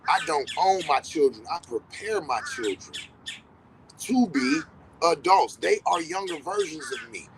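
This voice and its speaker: A man's voice: fairly high pitch, measured pace, vocal fry, crowd noise, low-quality recording. Blunt, profane man telling stories. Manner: blunt, profane, emphatic repetition; animated storytelling with quoted dialogue. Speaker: podcast host. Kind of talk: casual monologue.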